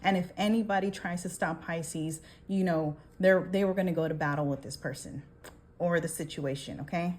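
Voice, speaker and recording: Woman reading tarot cards, animated and swearing, keeps asking okay?. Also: on the low side, moderate pace. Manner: animated, emphatic, swears and laughs often. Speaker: tarot reader. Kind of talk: casual tarot reading to camera.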